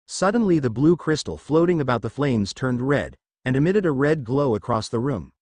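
A man reads a fan-written story aloud with steady, expressive narration. His intonation moves in a lively way around a middle pitch. The audio is dry, with no room echo. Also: moderate pace. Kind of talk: fanfiction reading.

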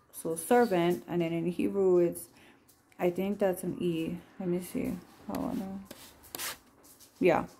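A woman chatting gently through scripture cards at home, reading verses and prayers aloud and apologizing with a laugh. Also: fairly low pitch. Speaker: Christian vlogger sharing scripture cards. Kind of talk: casual devotional chat with read-aloud scripture and prayers.

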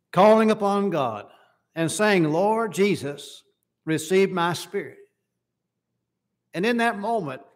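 A man preaching a sermon in a church service, reading scripture passages aloud and asking the congregation questions. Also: sits high. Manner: reads scripture aloud in King James wording, asks the hearers questions.

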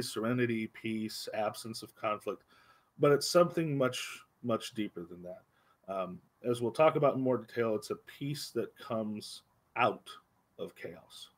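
Man, husky voice, earnest Bible class teacher, emphatic, slows for key lines. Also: mid-range voice. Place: church classroom. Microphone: livestream microphone.

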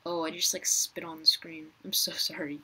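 A young woman giving casual gameplay commentary, chatty and talking to viewers and other players, her voice rough as she keeps clearing her throat. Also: deep voice, flat delivery, normal speed, sharp tone, rough recording. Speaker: gaming youtuber.

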